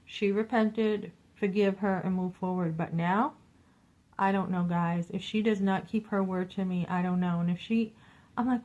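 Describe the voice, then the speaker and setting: A middle-aged woman vents in a casual storytime vlog and acts out every exchange. Her voice sits at a middle pitch, and her telling is animated and exasperated. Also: normal speed, highs cut off. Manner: animated, acts out quoted dialogue; exasperated, venting. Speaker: vlogger.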